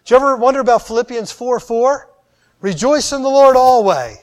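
A man with a high voice delivers a sermon. He is animated, hitting key words loudly. He then lets each phrase sink into quiet, drawn-out endings. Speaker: preacher.

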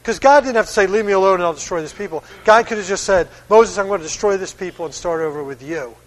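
A man with a high voice preaches a sermon. He reads old-style scripture slowly, then plays the people in it in his own voice, chuckling now and then. His voice rings out in a hall with a long reverb.

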